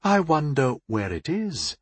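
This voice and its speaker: A man voicing a thoughtful female goddess of fire who speaks in a soft, questioning way. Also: low-pitched, sing-song, a little slow, breathy edge, dry recording, pitched above the performer's own voice, full character voice. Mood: musing.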